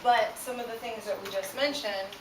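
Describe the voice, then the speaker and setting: A woman runs a campus workshop in a plain conversational way, pausing on fillers and turning questions to the room. She is heard from well back in a reverberant classroom. Steady hiss and noise sit loudly under her voice. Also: on the high side. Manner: conversational, many "um" fillers, asks the group questions. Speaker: workshop presenter. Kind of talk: explaining a stress workshop to students. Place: university classroom. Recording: echoey room, far from mic, loud background noise.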